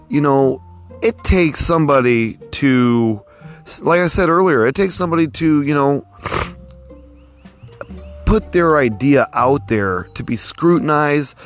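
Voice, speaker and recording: A man hosting a podcast, musing in a casual, rambling way with lots of fillers, recorded outdoors. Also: fairly high pitch. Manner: rambling, folksy, many fillers like "you know". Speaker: podcast host. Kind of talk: casual philosophical monologue. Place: outdoors with cars passing.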